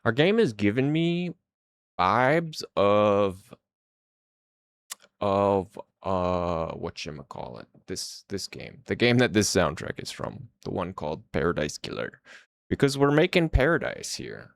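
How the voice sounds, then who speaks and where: Casting note: male indie game dev streamer, low gravelly voice, rambling hype chat. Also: very animated, slow pace, no room sound, clean studio sound. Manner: hyped-up, rambling and chatty. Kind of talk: casual livestream chat.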